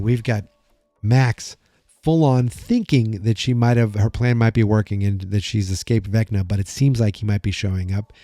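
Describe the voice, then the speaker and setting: A man's voice: mid-range voice, warm tone, dry recording. A man hosting a podcast, recapping an episode in a casual, chatty way with fillers and restarts, sometimes acting out quoted lines. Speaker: podcast host.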